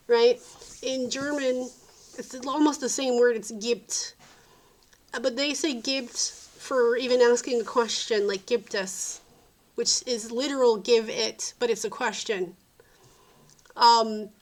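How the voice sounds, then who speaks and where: A woman from the South Jersey and Philadelphia area in a rambling, opinionated vlog monologue, often calling things dumb. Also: on the high side. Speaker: vlogger.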